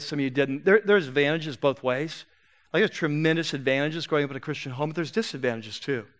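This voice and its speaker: A man preaching a sermon in a church, swinging between loud emphatic bursts and low, soft passages. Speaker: pastor. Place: church sanctuary.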